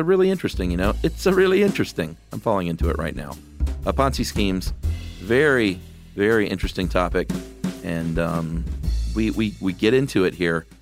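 A man hosting a podcast, giving a folksy, playful introduction with drawn-out words. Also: deep voice. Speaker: podcast host. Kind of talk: casual show intro.

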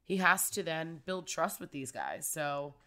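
A woman with a lowish, bright and forceful voice co-hosts a casual podcast chat. She talks in an animated, emphatic way, calling out to her listeners directly. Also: a little slow. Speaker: podcast co-host.

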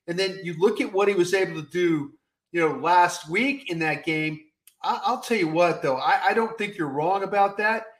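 A high-pitched man talks sports with a folksy, emphatic delivery. His voice carries a roomy echo around it. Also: moderate pace, fairly bright tone. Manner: emphatic, folksy, repeats "I'll tell you what". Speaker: co-host. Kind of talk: casual sports talk.

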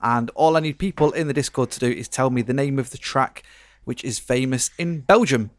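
A man's voice: mid-range voice, fairly quick, no room sound. A man chatting on a casual podcast with dry, wisecracking remarks. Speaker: podcast co-correspondent.

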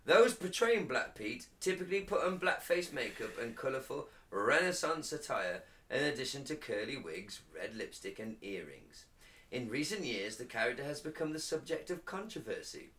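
Man, podcast co-host, lively voice, bright tone, a little far from the mic. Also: medium pitch, normal speed. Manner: laughs often, stumbles over foreign words. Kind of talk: casual banter, reading notes aloud.

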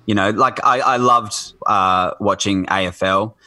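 A man's voice: fairly low pitch, unhurried, pushed and bright, no room sound. A man chatting casually as a podcast guest, rambling with lots of fillers and restarts.

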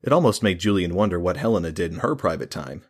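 A man narrates a fantasy novel in a steady, measured reading. His voice sits very low with a husky grain. The delivery is calm and even. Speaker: audiobook narrator.

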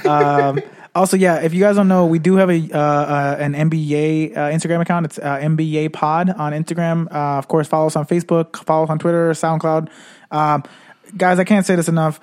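A man's voice: a little high, flat delivery, a little fast, darkish tone. A man hosting a casual sports podcast, laid-back and full of filler words. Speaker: podcast host.

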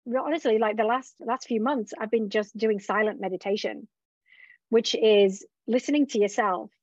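Woman coach guest, candid and reflective, slightly high voice, dry lo-fi recording. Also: a little mellow, no echo. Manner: reflective, open, quotes her own thoughts. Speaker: business coach. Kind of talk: candid conversational interview.

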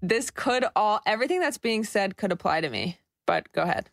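A woman's voice: mid-range voice, expressive, a little fast, vocal fry, no echo, studio quality. Snarky woman podcast co-host. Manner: snarky, opinionated, rambling asides. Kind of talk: casual gossip chat.

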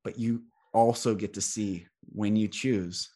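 A podcast host with a fairly low man's voice. He talks fervently, circling back on phrases and swelling with emphasis. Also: fairly even intonation, a little slow, mellow, breathy edge. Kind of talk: emotional spiritual conversation.

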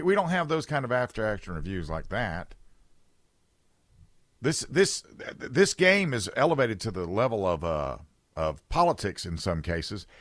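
A man's voice: medium pitch, a bit bright, no echo. A man hosting a talk radio show, rambling and sarcastic in an opinionated chat from a studio.

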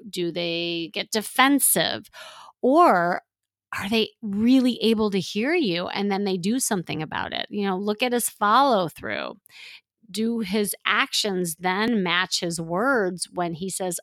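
A woman hosting an advice podcast, talking in a relaxed coaching tone full of "you know" and "like". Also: mid-range voice, no room sound, clean studio sound. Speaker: podcast host and dating coach.

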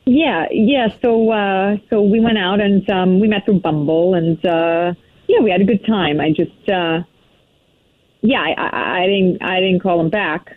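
A woman's voice: medium pitch, unhurried, dry recording. A woman on a phone-in call lays on a thick put-on New York accent, brash and breezy, with plenty of fillers. Her voice comes through a tinny, narrow phone line, dry with no room sound. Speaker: caller. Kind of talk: phone-in radio chat.

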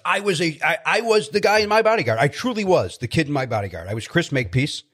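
A man, telling stories as a podcast guest in an animated, joking way. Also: fairly high pitch. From South Side of Chicago. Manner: animated storyteller, quick jokey asides. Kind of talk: casual chat.

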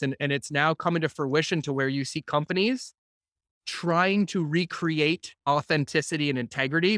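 A man hosting a podcast, talking casually to a group of entrepreneurs on a video call, animated and blunt, acting out quotes as he goes and swearing now and then. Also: a little high, no echo, clean studio sound. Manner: animated storytelling with acted-out quotes. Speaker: podcast host speaking to entrepreneurs.

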